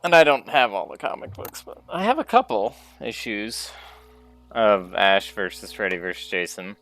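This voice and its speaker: A man's voice: fairly low pitch, lively intonation, moderate pace, fairly bright tone. A man musing offhandedly as he comments on a game he is playing. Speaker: let's play host. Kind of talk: casual gameplay commentary.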